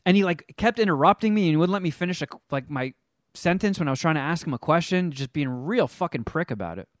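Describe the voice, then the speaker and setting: A man hosting a podcast, telling a story in casual chat, animated and profane. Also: a little high, quick pace, dry recording, clean studio sound. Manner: animated, profane, acts out the people he quotes. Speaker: podcast host.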